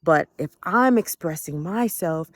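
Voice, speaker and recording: A woman's voice: on the low side, animated, a little slow, no echo. Blunt, emotional woman, dry sound. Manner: emotional, blunt, swears freely. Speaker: adult child recounting family conflict. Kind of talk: candid personal storytelling.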